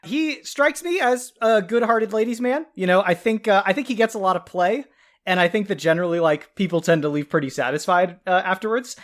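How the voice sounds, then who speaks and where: A man on a comedy podcast panel who jokes in a deadpan, hesitant way with lots of fillers. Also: sits high, fairly quick. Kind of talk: casual comedic panel chat.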